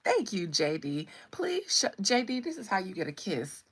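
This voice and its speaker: A woman's voice: medium pitch, very animated, normal speed, background noise. A woman doing a live-stream tarot session, reading out viewer comments in a sassy, playful, teasing way.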